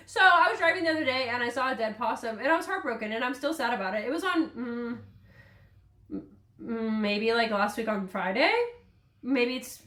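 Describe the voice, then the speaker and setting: A woman's voice: a little high, pushed and bright, roomy sound. A woman hosting a podcast, chatting casually and emotionally, rambling and laughing often. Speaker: podcast host. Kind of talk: casual solo podcast chat.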